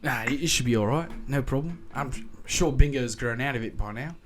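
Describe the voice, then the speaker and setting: Man putting on a relaxed cartoon mum, offhand and easygoing. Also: medium pitch, moderate pace, close to an everyday voice. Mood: reassuring. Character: breezy cartoon mother reassuring her kids.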